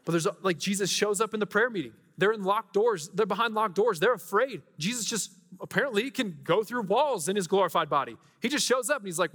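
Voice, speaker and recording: A man preaching a conversational sermon, asking his listeners rhetorical questions and moving between lively storytelling and quiet scripture reading. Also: sits high, a little fast, few pauses, long reverb tail. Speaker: pastor.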